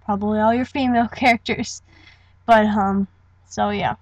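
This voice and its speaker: A woman's voice: medium pitch, steady tone, moderate pace, dry recording, low-quality recording. A young woman casually introducing her voice acting audition, rambling a little and sounding unsure.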